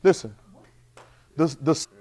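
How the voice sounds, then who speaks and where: A man teaching a Bible class in a sermon style, animated, with constant call-and-response checks of his listeners. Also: fairly high pitch, a little slow. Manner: repetitive call-and-response, keeps asking "right?"; animated, swings loud and soft.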